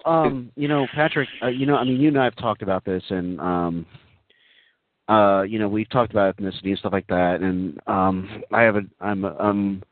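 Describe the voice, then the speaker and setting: Low-voiced male host, phone-thin sound. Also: no echo, narrow, tinny audio. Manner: loose, rambling, with many fillers. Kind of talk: casual radio chat.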